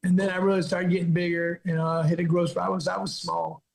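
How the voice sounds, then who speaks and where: A man's voice: sits high, flat delivery, quick pace, vocal fry. A man guest on a podcast, talking casually with a laid-back manner and stammered restarts. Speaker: fighter and guest.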